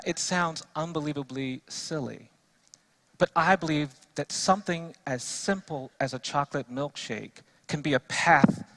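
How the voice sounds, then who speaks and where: A defense lawyer delivers an earnest, storytelling speech to a church audience. His voice, a little high, softens in sad passages and builds to emphatic repetition when he preaches.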